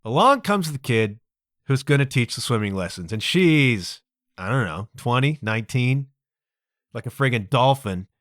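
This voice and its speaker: A man's voice: mid-range voice, moderate pace, no echo, clean studio sound. A man in his fifties hosting a podcast, telling a funny story against himself with exasperation. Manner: self-deprecating, animated, exasperated. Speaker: podcast host. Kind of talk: comedic storytelling monologue.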